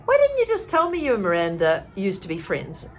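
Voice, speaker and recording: An earnest, caring teenage boy, read aloud by a woman in close to her own voice in a storybook reading. His lines are plain and direct, with a lively rise and fall in the pitch. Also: fairly quick, slight background noise. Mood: annoyed.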